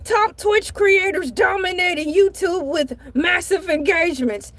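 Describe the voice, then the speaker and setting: A bragging cartoonish shark man, voiced by a woman rambles on in a very high, squeaky voice. He sounds giggly and full of himself. The sound is dry and close, with no room around it. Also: unhurried, a bit bright, no echo, exaggerated voice. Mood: boastful. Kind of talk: comedic character vlog.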